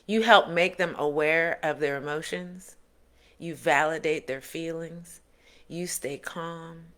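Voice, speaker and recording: A woman's voice: low-pitched, a little slow, a bit bright. A woman who is the parent of an autistic son, giving earnest parenting advice straight to the camera and rephrasing her points to coach her listeners. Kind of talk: direct-to-camera advice talk.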